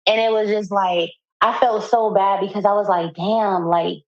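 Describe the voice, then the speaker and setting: A woman co-hosting a podcast who tells a story in a casual chat, animated and profane, laughing often as she talks. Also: mid-range voice, normal speed, dry recording, dull audio. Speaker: podcast co-host.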